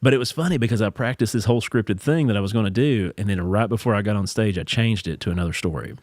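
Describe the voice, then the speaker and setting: Man, podcast host, casual storytelling, lowish voice, dry sound. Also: fast, no echo. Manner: animated storyteller, jumps into impressions of others. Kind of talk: casual chat.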